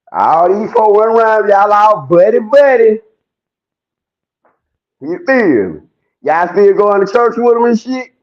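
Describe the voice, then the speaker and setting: A man, giving animated ranting commentary, loud and mocking, swearing often and laughing as he talks. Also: high voice. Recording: dull lo-fi sound.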